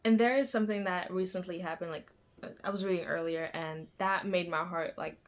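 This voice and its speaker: A woman's voice: fairly low pitch, steady tone, a little fast. A young woman chatting casually about books she has read, rambling with lots of fillers, restarts and little stutters. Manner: rambling, filler-heavy, self-deprecating, stuttering. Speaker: book vlogger. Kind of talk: casual book review chat.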